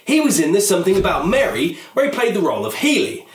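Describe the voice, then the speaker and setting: A man's voice: high-pitched, huge pitch swings, fast, far from the mic. A man co-hosting a film review show, chatty and jokey. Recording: echoey room, off-mic, music behind.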